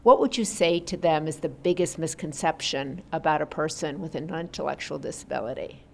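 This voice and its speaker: A woman's voice: sits low, brisk, vocal fry, darkish tone. A woman hosting an interview, asking reflective questions. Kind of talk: interview conversation. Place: indoor interview. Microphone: podcast mic.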